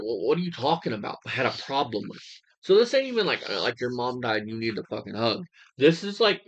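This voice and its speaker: A young man rants in a crude, mocking reaction commentary, swearing as he goes. His voice sits in an ordinary middle range. The sound is dull and lo-fi. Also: mid-range voice.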